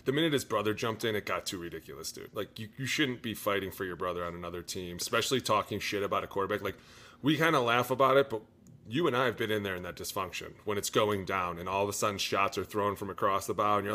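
A man co-hosting a football podcast in casual, animated chat, swearing freely and saying "dude" a lot. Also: on the low side, fast. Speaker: podcast co-host, former lineman.

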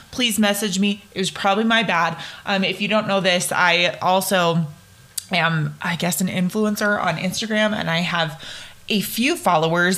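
A woman's voice: mid-range voice, a bit bright. Chatty woman hosting a kids' podcast. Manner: chatty, gushing, with quick asides. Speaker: podcast host. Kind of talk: casual chat to young listeners.

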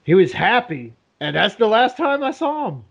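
High-voiced man, laughing storyteller. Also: sing-song, moderate pace, creaky. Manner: laughs through his stories. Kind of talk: casual chat.

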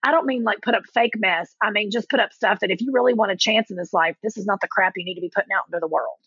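A woman in her forties in casual chat, telling lively stories and acting out quotes in a higher voice. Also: fast talker, slightly rough, no echo, muffled recording. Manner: animated storyteller, acts out quotes with a jump in pitch. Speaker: podcast guest.

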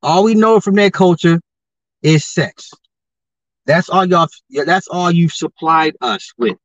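A man hosting a podcast, giving confrontational social commentary and firing off rhetorical questions, his voice jumping high when he gets heated. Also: measured pace, no room sound. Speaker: podcast host. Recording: dull lo-fi podcast mic, dry.

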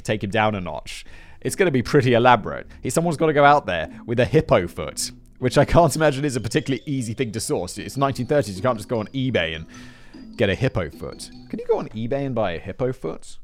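A man presenting a scripted narration, often breaking off into chatty, self-deprecating tangents. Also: on the low side.

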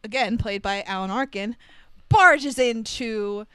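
A woman's voice: on the high side, unhurried, pushed and bright, clear, resonant tone, no echo. A woman co-hosting a podcast, casually recapping a film with wry asides and frequent laughter. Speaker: podcast co-host.

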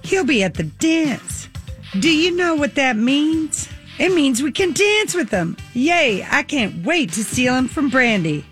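A woman's voice: high voice, sing-song, unhurried, a bit bright, faint music behind, exaggerated voice. A woman doing a drawling southern teen girl. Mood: gushing. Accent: put-on American Southern. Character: boy-crazy teenage girl with a southern drawl.

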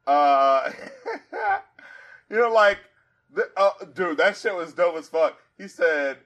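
Excitable profane man reviewing rap albums. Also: fairly high pitch, slow, gravelly. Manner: animated, profane, quotes lyrics aloud, laughs often. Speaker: album review podcast host. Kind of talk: casual review chat.

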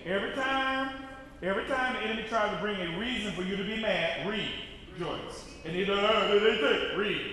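A man preaching a sermon with call-and-response, repeating his lines for the congregation and rising to emphatic shouts. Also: high-pitched, moderate pace, a little hiss or hum. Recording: echoey hall, mic far off, audience.

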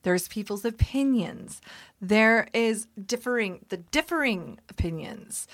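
Expressive woman co-hosting a podcast. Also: medium pitch, measured pace, no room sound, studio quality. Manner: expressive, acts out quotes, laughs easily. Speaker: podcast co-host. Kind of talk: casual podcast chat.

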